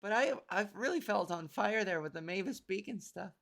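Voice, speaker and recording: A woman's voice: medium pitch, animated, creaky, a bit bright. A young woman from Canada hosting a podcast, telling a comic story in a casual, self-deprecating way with frequent laughter and a buzzy edge to her voice. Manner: self-deprecating, laughs often, acts out quick exchanges. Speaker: podcast host. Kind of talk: casual comedic monologue.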